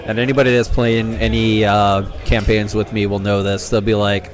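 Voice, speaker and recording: A man's voice: fairly low pitch, flat delivery, moderate pace, few pauses, faint music behind. A man on a live panel who tells jokey anecdotes about his games and swears casually. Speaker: veteran dungeon master guest.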